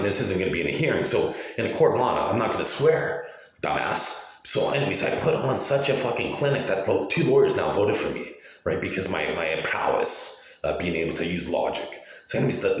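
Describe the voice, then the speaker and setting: A Canadian man in his forties delivers an agitated, profane, rambling video rant full of restarts. His lowish voice is very animated and fairly quick, and the room is very echoey.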